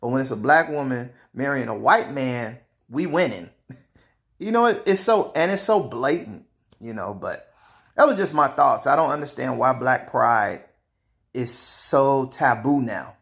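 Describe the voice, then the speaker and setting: Animated man giving his opinions. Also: mid-range voice, a little slow. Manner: animated, laughs often, repeats words. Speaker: vlogger. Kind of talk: casual opinion monologue.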